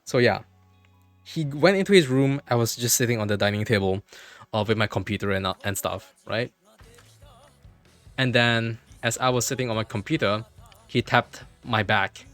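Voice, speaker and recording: A man chats to his stream through a desk mic in a casual storytelling mode. His mid-range voice keeps circling back and repeating phrases, dropping swear words along the way. Soft music runs faintly underneath. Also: mid-range voice, moderate pace, long pauses. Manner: animated, repeats himself, swears freely. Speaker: livestreamer.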